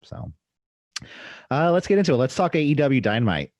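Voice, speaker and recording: A man's voice: medium pitch, sing-song, darkish tone, no echo. A man co-hosting a wrestling podcast in casual, rambling chat full of fillers. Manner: rambling, halting, lots of fillers. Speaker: podcast co-host.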